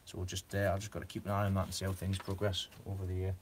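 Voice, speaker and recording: A man's voice: sits low, completely flat delivery, racing, slight background noise. A man chatting on a gardening live stream, rambling with lots of fillers and frequent giggles. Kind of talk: casual live stream chat.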